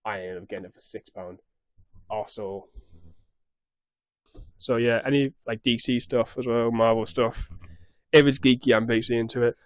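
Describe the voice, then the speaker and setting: Young dude rambling all over the place, swearing, mid-pitched voice, dead dry mic. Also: male voice, steady tone, normal speed, long pauses, no echo. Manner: rambling, scattered, swears freely. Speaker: YouTube recap host. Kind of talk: casual recap vlog.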